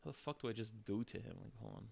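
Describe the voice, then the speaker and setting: A man's voice: fairly low pitch, rapid-fire, gravelly, a little mellow, slight background noise. A man streaming a casual chat with an AI chatbot, swearing and laughing, and turning aside to talk to his viewers.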